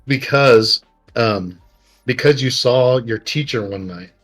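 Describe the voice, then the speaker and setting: Middle-aged male co-host, rambling emotional storyteller, mid pitch, light music bed. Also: slow, fairly bright tone. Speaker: podcast co-host. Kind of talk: casual storytelling chat.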